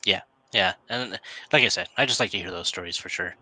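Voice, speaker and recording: A man's voice: deep voice, brisk, sharp tone, dry recording, low-quality recording. A man hosting a casual interview, answering with short affirmations and hesitant fillers. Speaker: interview host.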